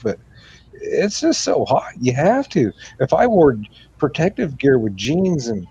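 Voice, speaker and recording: A man's voice: mid-range voice, warm tone, slightly rough. A man chatting casually about lawn care work in a laid-back, rambling way. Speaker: guest lawn care worker. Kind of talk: casual live-stream chat. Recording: dull lo-fi audio with faint noise.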